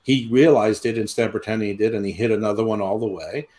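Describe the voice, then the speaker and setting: A man with a lowish, mellow voice talks quickly while co-hosting a wrestling podcast. In a casual recap chat, he rambles, swears, and restarts his stories many times.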